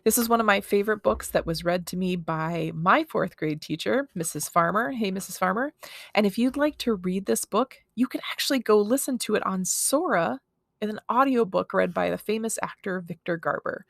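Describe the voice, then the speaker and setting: A woman reads a children's book aloud as a friendly, expressive storyteller, her medium-pitched voice carrying a gravelly fry beneath it. She speaks at a normal speed, and the recording is dry and close with no room echo.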